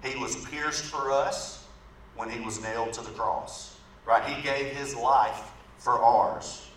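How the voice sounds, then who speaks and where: Slow and steady in a medium-pitched, slightly bright voice, a man preaches in a church sanctuary, spinning an illustrative story in conversational style. He regularly checks in with "right?", and the recording is distant, echoey, with faint background noise.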